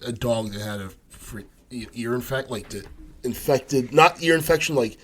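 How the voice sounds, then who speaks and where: A man's voice: mid-range voice, expressive, moderate pace, fairly bright tone. A man co-hosting a podcast, telling a story casually with many fillers and acting out what others said. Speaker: podcast co-host. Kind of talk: casual chat.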